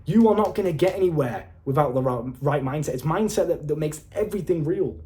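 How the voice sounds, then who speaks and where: Young man, self-improvement coach, casual motivational monologue, blunt and excitable, swears often. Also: fairly high pitch, fairly quick. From United Kingdom.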